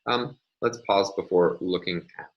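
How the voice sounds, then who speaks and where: Annotating on his screen, a very low-voiced man explains a linguistics lesson point by point, methodically. Frequent ums and uhs fill his pauses, and the recording is muffled.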